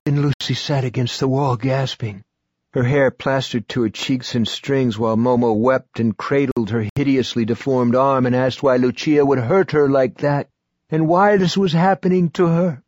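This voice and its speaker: A man narrating an audiobook in a measured, even storytelling manner. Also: medium pitch, dry recording, muffled recording. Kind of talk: scripted narration.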